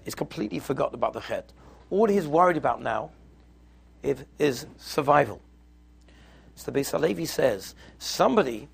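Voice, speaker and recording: A man with a somewhat high, gravelly voice teaches a Torah lesson. He talks in a relaxed, conversational way and walks through stories and texts step by step. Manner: conversational storytelling, explains step by step.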